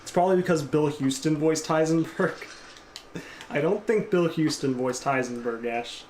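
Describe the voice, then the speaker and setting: A man's voice: a little high, moderate pace, darkish tone, slight background noise. Rambling man streaming a game, echoey room. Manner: rambling, casual, reads and answers chat. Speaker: gameplay streamer. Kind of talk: live gameplay commentary.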